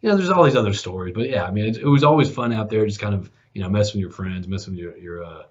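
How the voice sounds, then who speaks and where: A man's voice: lowish voice, expressive, racing. A man who hosts a podcast, telling casual stories with lots of restarts and fillers, laughing at his own jokes. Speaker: podcast host, guest this episode. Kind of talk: casual storytelling chat. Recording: dull lo-fi sound.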